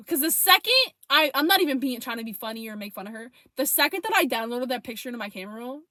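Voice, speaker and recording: Animated high-pitched young woman telling a story. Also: fast talker, hardly any pauses, no echo, clean studio sound. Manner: animated, emphatic storytelling with slangy cursing. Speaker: vlogger. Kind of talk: storytime vlog.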